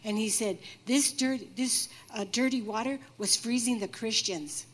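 An older woman sharing a testimony at a church service, halting with fillers. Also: fairly high pitch. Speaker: congregation member sharing a testimony. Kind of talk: spoken testimony. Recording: reverberant hall.

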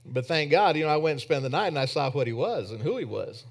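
A man preaching a sermon in church, telling a personal story that swings from emphatic to hushed. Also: fairly high pitch, very animated, fast.

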